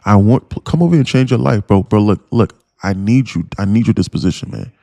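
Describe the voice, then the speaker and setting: A man voicing the market as a character that softly and repeatedly begs people to come over. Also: on the low side, fairly quick, vocal fry. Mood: pleading. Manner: begging, soft and repetitive. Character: the personified market, pleading and desperate.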